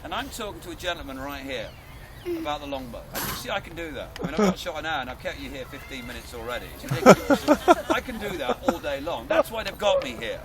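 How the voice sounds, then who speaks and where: A man performing a loud, jokey live history show as a castle archer, teasing the audience. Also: on the high side, big pitch swings, fast talker, creaky. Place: outdoors at a castle. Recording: windy outdoor crowd noise. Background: crowd and wind.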